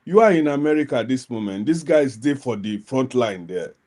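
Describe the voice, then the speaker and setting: A man's voice: mid-range voice, animated, normal speed, warm tone. A Nigerian man in a heated panel debate, pleading and mixing pidgin into his English.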